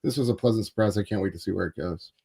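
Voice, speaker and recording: A man's voice: lowish voice, racing, creaky, mellow, slightly rough. A man on a casual panel, talking with enthusiasm and laughing often.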